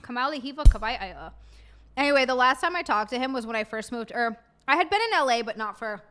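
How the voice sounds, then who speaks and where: A woman's voice: a little high, expressive, quick pace, fairly bright tone, clear, resonant tone. A woman streamer chatting casually with her viewers while eating, often giggling. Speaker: live streamer. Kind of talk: casual live-stream chat.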